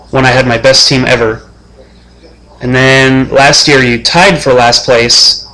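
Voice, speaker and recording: A young man hosts a homemade sports-show preview as his fantasy league's commissioner. He ribs each player in a dry, deadpan tone. His voice sits at a medium pitch. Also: low-quality recording. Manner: deadpan trash talk.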